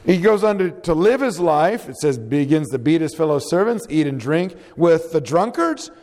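Male preacher, earnest and exhorting, slightly high voice, long hall reverb. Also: lively intonation, moderate pace, a little mellow. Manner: earnest, exhorting, asks the congregation questions. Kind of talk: sermon.

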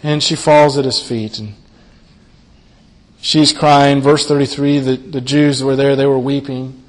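A man preaching a sermon, earnest and repetitive, who slows down and drops his voice softly for emphasis. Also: mid-range voice, flat delivery, in a large hall. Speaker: pastor. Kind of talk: sermon on a Bible passage.

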